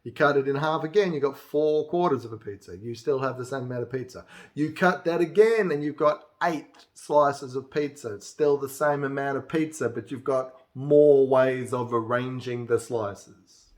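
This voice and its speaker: A man's voice: medium pitch, normal speed, a little mellow. A man casually teaching music theory, counting beats aloud and now and then singing a line. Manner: chatty, counts beats aloud and breaks into song. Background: acoustic guitar playing.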